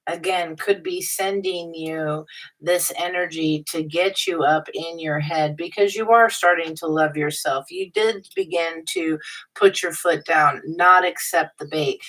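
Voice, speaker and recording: A woman's voice: fairly low pitch, fairly bright tone, recorded from a distance, low-quality recording. A woman giving a casual tarot reading, blunt and chatty, with many fillers and restarts. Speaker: tarot reader.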